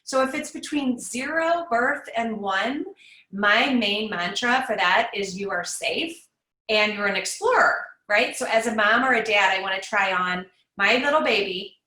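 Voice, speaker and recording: A woman's voice: mid-range voice, animated, unhurried, bright, forceful tone, reverberant, low-quality recording. A woman speaking as a guest on an online parenting summit, teaching in an encouraging, conversational way over a video call. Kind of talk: live online summit talk.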